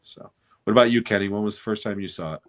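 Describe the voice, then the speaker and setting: A middle-aged man telling a story on a podcast, animated and swearing freely. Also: lowish voice, fast talker. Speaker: podcast co-host. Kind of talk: casual chat, storytelling.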